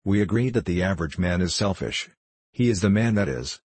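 A man reads a confident male debater in a deep, husky voice, laying out his argument with steady patience. The audiobook reading sits close and dry. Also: a little fast, no echo, heavily acted.

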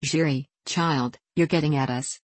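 A woman's voice: deep voice, a little slow, dry recording. A woman voicing a proud lead ballerina who speaks in a dismissive, shaken way in a storybook reading.

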